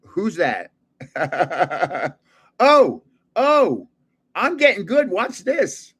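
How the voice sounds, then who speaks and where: A man's voice: high-pitched, big pitch swings, extremely slow, a bit bright, slightly rough. An older man hosting a casual livestream, chatting and chuckling as he opens and shows off trading cards and greets his viewers. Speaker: card-collecting livestream host. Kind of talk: casual livestream chat while opening cards.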